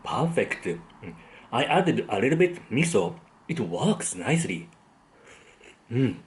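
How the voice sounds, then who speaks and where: A food vlogger tastes his dinner and gives casual commentary, humming in appreciation again and again. His voice sits at a medium pitch with big swings in intonation, and he speaks slowly.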